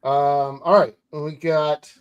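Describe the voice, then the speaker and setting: Opening card packs on a laid-back stream, the male host is chatty, enthusiastic, and quick to laugh. His slightly high voice stays level and slow, sounding smooth, though the high frequencies are cut off.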